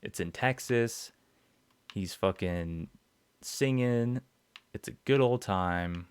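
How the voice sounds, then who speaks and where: A man's voice: fairly low pitch, slow pace, clean tone, no echo. A young man hosting a podcast, rambling through an episode recap with lots of fillers, swearing and chuckles. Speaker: podcast host.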